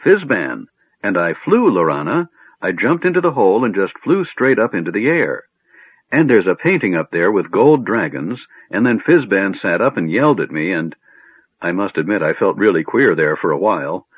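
A man voicing a small, cheerful male kender who rambles on in breathless excitement. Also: deep voice, moderate pace, husky, no echo, heavily acted. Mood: excited. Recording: narrow phone-like sound.

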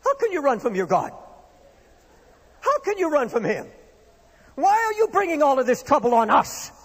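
A man's voice: extremely high pitch, huge pitch swings, normal speed, fairly bright tone, in a large hall, full character voice. A man voicing panicked accusing sailors. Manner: pleading, accusing.

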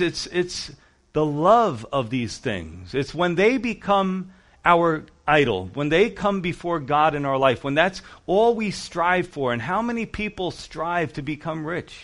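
A man's voice: fairly high pitch, fairly bright tone. A man preaching a sermon, acting out the Bible characters as he quotes them. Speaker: pastor.

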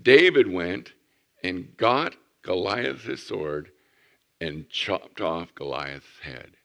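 A man preaching, a pastor telling a lively story to children in church and asking them questions. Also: low-pitched, very slow, gravelly. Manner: animated storyteller, asks the kids questions.

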